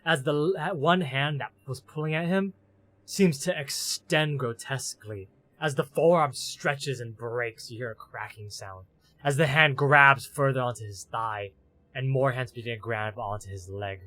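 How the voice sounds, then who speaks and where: A man at an ordinary middle pitch narrates as game master of a tabletop game. He tells the scene in long, breathless run-on sentences, stacking one "as" clause on the next. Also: a little slow, sharp tone, dry recording. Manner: run-on storytelling, strings clauses with "as".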